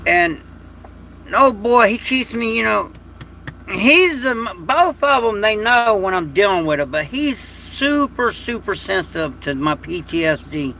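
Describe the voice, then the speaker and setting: High, gravelly man chatting. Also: very animated, measured pace, bright, forceful tone, slight background noise. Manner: rambling, folksy, emotional. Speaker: livestream host. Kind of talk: casual livestream chat. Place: home at night.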